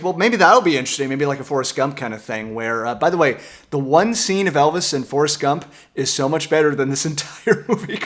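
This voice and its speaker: A man in a casual, exasperated movie rant, swinging from mumbling asides to near-shouting, with many fillers and restarts. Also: fairly high pitch. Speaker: video commentator.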